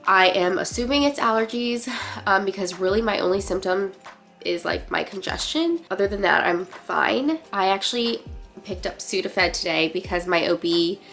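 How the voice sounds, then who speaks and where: Congested young woman, soft chatty vlog. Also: medium pitch, animated, normal speed, creaky, faint music behind. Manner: chatty, lots of fillers like "like" and "um"; keeping her voice down. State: congested, nasal. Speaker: vlogger. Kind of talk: casual pregnancy update vlog. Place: guest room at home.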